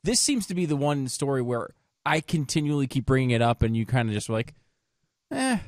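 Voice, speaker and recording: A man's voice: medium pitch, quick pace, a little mellow, dry recording, clean studio sound. A male radio co-host who teases the host and reads news items aloud. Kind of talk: political talk radio. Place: radio studio.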